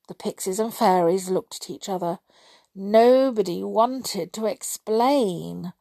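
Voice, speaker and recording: A woman reading a children's fairy story aloud in a gentle, expressive storybook manner. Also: mid-range voice, measured pace, creaky, no room sound.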